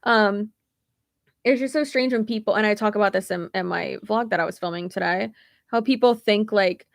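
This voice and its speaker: A young woman talks on a casual livestream with a gravelly, fry-edged voice at a middle pitch. She is blunt and rambling and swears freely, and the sound is dry and close with no room around it. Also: moderate pace, dry recording. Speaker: YouTube creator.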